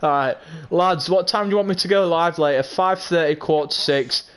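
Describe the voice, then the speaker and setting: A man chatting casually on a live game stream, excitable and calling out viewers by name to ask their opinions. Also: on the high side, a little fast, clean tone. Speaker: gaming livestreamer.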